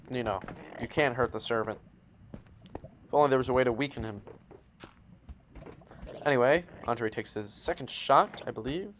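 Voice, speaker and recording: A man narrating gameplay in a playful, mock-dramatic way, with teasing asides to the audience. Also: medium pitch. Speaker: narrator of a game series. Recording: noisy home mic with clicks.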